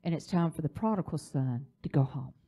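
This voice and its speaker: A woman's voice: sits low, expressive, a little fast, warm tone. A woman, the pastor's wife, teaching a church leadership class in a preaching style, telling a story with emphasis.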